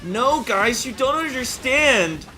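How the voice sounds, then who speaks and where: A man putting on a whiny young American man with a drawn-out, nasal American accent. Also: very high-pitched, expressive, bright, forceful tone, soft background music, pitched above the performer's own voice, exaggerated voice, low-quality recording. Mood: whining. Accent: put-on American.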